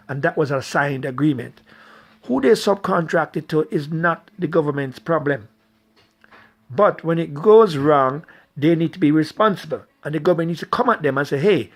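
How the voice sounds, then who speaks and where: A middle-aged man delivering a blunt, angry political rant straight to his viewers. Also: fairly high pitch. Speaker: political commentator.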